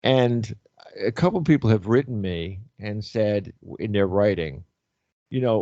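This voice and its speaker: A man's voice: fairly low pitch, animated, measured pace, warm tone, no room sound, dull audio. A man in his sixties hosting a talk show, chatting casually in a rambling way, repeating words and trailing off. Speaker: host.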